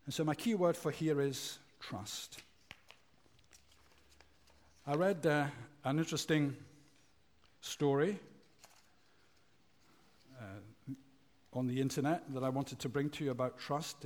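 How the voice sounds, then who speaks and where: A man preaching a sermon, telling a story with acted-out voices and letting his phrase ends drop low and quiet. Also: a little slow, pauses often. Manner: tells a joke story acting out voices.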